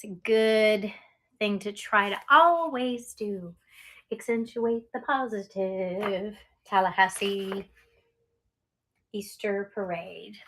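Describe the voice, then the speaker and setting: A woman's voice: mid-range voice, slow, fairly bright tone. A woman running a casual live-selling stream as an online auction seller, chatty and cheerful, with lots of ums and laughs.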